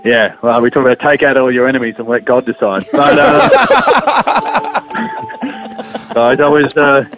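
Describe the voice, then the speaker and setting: A man's voice: medium pitch, a little fast, music in the background, low-quality recording. A man co-hosting a radio show, joking playfully through comic banter. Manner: playful, jokey, lively. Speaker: radio co-host.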